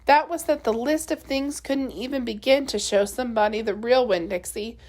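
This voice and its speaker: A woman teacher reading a children's novel aloud in a steady, expressive storytelling voice. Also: a little high, moderate pace.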